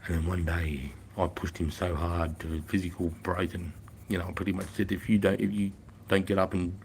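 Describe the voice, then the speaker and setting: A gruff man in his fifties, his low voice full of gravelly fry. He talks casually and bluntly to viewers, swearing freely as he tells stories. A faint hiss of noise sits under the recording. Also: little pitch movement, fairly quick. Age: 50s. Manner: blunt, profane, storytelling. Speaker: livestreamer and former army instructor.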